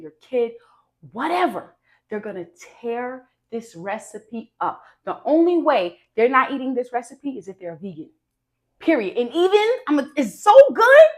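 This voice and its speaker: Woman doing her cooking vlog, chatty and hyped, mid pitch, talks right to the camera. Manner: lively, emphatic, chatty; talks straight to viewers with slangy asides. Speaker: cooking show host.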